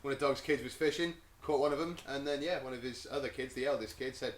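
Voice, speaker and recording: A young man co-hosting a casual podcast, telling stories with animated mock outrage. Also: medium pitch, quick pace, echoey room, slight background noise. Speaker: podcast co-host. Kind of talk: casual banter.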